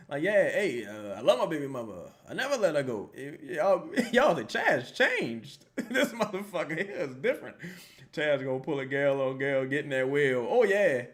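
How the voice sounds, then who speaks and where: A young man talks over a basketball game he is watching live. His voice sits a little high and swings widely up and down. He jokes, swears and rambles as he reacts. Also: normal speed. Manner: animated, joking, profane and rambling.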